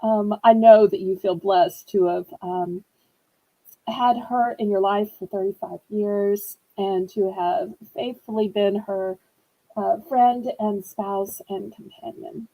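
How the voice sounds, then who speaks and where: Slow, mellow-voiced woman. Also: mid-range voice, fairly even intonation, poor audio. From New Orleans, USA. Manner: slow, sympathetic, chatty with viewers. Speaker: live auction seller. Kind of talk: live-stream auction chat.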